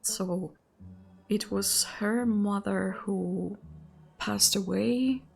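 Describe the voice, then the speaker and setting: A woman plays through a visual novel, chatting about what she sees and reading the story in a soft whisper. She speaks at a slow, unhurried pace, with a middle pitch. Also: creaky, soft background music. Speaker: gaming channel host. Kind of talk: game commentary and reading a visual novel aloud.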